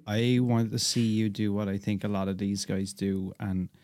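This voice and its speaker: A man's voice: lowish voice, fairly even intonation, normal speed, darkish tone, no echo, clean studio sound. A man co-hosting a casual podcast, teasing his friend and laughing.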